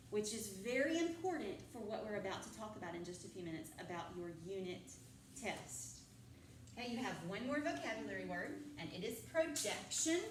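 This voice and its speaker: A woman's voice: medium pitch, slight background noise. A drama teacher leading a class, quizzing her students and repeating their answers. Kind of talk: classroom lecture with questions to students. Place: school classroom, indoors. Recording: echoey classroom picked up from a distance.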